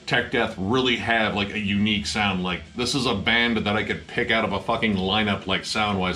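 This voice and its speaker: Bright, excitable man reviewing metal. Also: on the low side, moderate pace, few pauses. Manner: excited, swears a lot, many "like" fillers. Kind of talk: casual album review chat.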